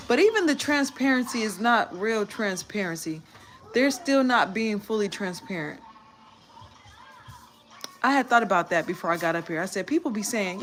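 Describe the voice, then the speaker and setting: A woman's voice: fairly high pitch, animated, normal speed, a little hiss or hum. A tired woman giving a candid live-stream testimony, telling her story animatedly and using church slang. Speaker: vlogger.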